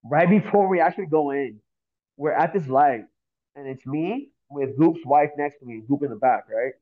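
A man from Miami, a podcast guest, telling a story in an animated, profane, slang-filled way. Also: a little high, normal speed. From Miami, Florida. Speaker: podcast guest, graffiti artist. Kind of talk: casual storytelling. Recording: tinny phone-like audio.

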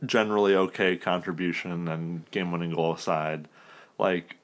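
A man co-hosting a casual sports podcast, swearing freely and telling quick stories. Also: low-pitched, little pitch movement. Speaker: podcast co-host.

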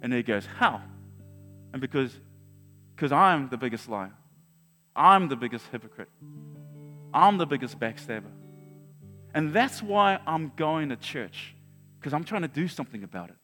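Animated male preacher in a reverberant church. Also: on the high side, normal speed, long pauses. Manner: animated, storytelling, restarts and chuckles. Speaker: pastor. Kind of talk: sermon with personal story. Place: large church hall. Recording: long hall reverb with faint guitar.

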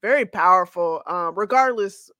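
A woman co-hosting a podcast in casual chat, relaxed and laughing often. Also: on the low side, moderate pace, no echo. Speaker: podcast co-host.

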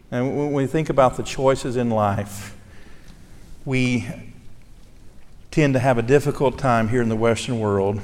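A man preaching a sermon as pastor, earnest and conversational, asking his congregation rhetorical questions. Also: medium pitch. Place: church sanctuary. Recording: long reverb of a large church hall.

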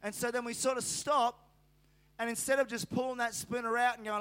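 A man's voice: extremely high pitch, fairly even intonation, fairly quick, a bit bright, clean tone. A middle-aged man preaching a sermon, telling a rambling personal story with many fillers and restarts. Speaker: pastor.

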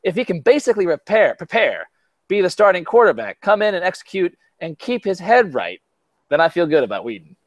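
A man's voice: high voice, big pitch swings, brisk, no room sound. A man voicing a blustery older male football team owner in a put-on Southern accent, reading out praise in a mock-serious way. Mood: mock earnest.

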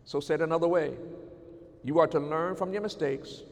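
High-voiced preacher in a reverberant hall. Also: male voice, moderate pace. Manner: emphatic, addresses the congregation directly, swings between loud and soft. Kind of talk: sermon.

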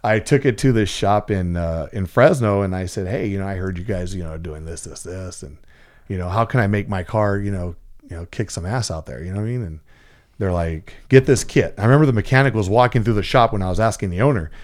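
A man's voice: low voice, fast. A middle-aged man from Central California telling a story in casual chat, rambling and profane, with lots of fillers and restarts.

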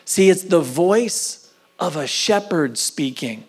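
A man preaching a sermon, moving between loud emphatic lines and soft whispered phrases, and drawing out key words slowly. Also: on the high side, animated, slightly rough. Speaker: pastor.

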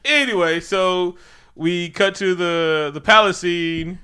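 This man speaks in a fairly high, bright voice with a crisp, clean tone. He recaps a movie in a loose, animated way and keeps the jokes coming. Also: slow pace. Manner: animated, jokey, slips into quoted voices. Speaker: podcast co-host. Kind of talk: casual movie recap chat.

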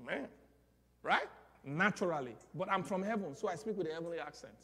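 A man with a Nigerian accent preaching a sermon, leading call-and-response and building to loud exclamations. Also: high-pitched, lively intonation, fairly quick. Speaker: pastor. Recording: long hall reverb.

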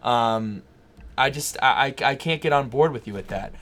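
A young man co-hosting a casual sports podcast, arguing his points with animated insistence and stammering when pressed. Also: mid-range voice, moderate pace. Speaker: podcast co-host.

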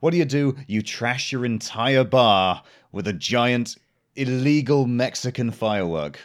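A man's voice: medium pitch, animated, measured pace. A man co-hosting a casual podcast, discussing a film with dry, joking commentary. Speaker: podcast co-host.

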